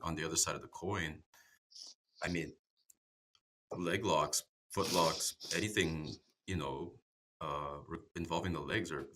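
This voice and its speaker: A man's voice: low-pitched, sharp tone, breathy edge. A man chatting casually in an interview, in an easygoing, conversational way. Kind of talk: casual chat.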